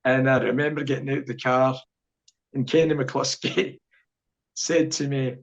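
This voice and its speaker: Chuckling Scottish storyteller man, flat delivery. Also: mid-range voice, measured pace, gravelly, long pauses. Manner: rambling storyteller, chuckles often. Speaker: podcast guest. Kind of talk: casual anecdote telling. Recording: dull lo-fi podcast audio.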